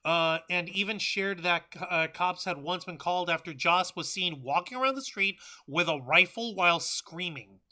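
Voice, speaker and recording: Angry, profane high-voiced male streamer. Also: moderate pace, hardly any pauses, sharp tone. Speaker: livestream host. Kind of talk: live news commentary, reading articles and chat.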